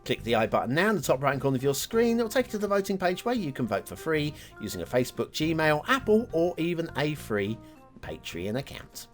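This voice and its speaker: A man hosts a map review show and talks casually over gameplay, his pitch swinging up and down as he wanders from point to point. He is chatty, with frequent fillers and self-deprecating asides. Faint music sits in the background. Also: big pitch swings, fairly quick. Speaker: show host reviewing game maps.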